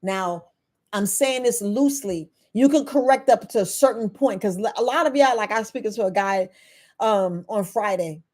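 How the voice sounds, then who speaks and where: A middle-aged woman herbalist, talking casually to her viewers, animated and laughing often. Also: medium pitch, moderate pace. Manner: animated, laughing, acts out quoted people in a raised voice. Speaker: herbalist host.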